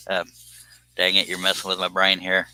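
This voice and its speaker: A man chats casually to viewers on his live stream, folksy and amused by his own jokes. His voice sits a little low but sounds very bright. The sound is dry and close, with no room around it. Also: no room sound, rough recording. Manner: folksy, self-amused, chuckles often.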